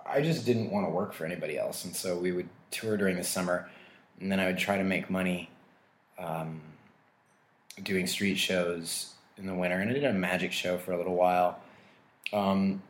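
Male street performer, loose and self-mocking storyteller, slightly low voice, roomy sound. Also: steady tone, moderate pace. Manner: rambling, laughs often, self-deprecating. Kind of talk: casual interview.

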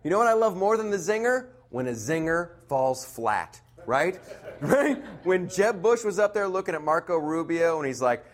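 A middle-aged man performing a stand-up comedy set, animated and mocking, slipping into quick impressions. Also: fairly high pitch.

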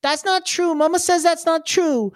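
A game master voicing a doubtful little boy in a high, insistent voice. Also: fairly even intonation, moderate pace, no room sound, clean studio sound. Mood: indignant.

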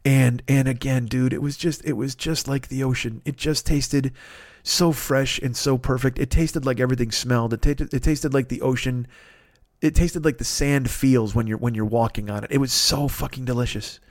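A man spinning a casual story as a podcast host. He swears freely and keeps an animated, chatty delivery. His voice sits in a middle register, recorded dry and close. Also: mid-range voice, moderate pace, no room sound.

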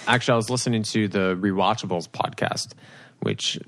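A man's voice: on the low side, brisk, a bit bright. A young man with a Rhode Island accent, co-hosting a podcast in casual chat, rambling with lots of fillers. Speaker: podcast co-host.

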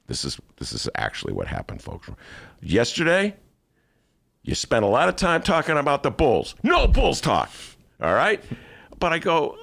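A man hosting a casual talk show, jokey and animated, often slipping into mock voices. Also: medium pitch, creaky. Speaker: podcast host. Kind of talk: casual chat.

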